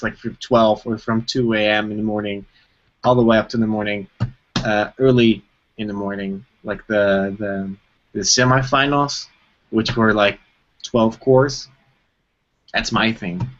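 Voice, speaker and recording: A man's voice: mid-range voice, a bit bright. Man, co-host on a lo-fi live stream; rambling casual chat full of fillers. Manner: rambling, lots of fillers and restarts. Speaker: co-host of a live web show. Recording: dull lo-fi stream audio.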